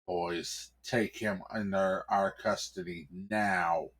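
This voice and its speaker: A man voicing a cold, arrogant church cardinal who gives slow, scornful commands. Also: sits low, fairly even intonation, fairly bright tone, heavily acted. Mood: commanding.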